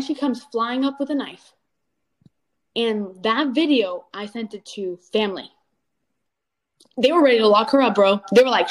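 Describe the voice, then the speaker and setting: A young adult woman guest in an interview, telling a painful family story with animated delivery and acted-out quotes of other people. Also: on the high side. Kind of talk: candid personal interview.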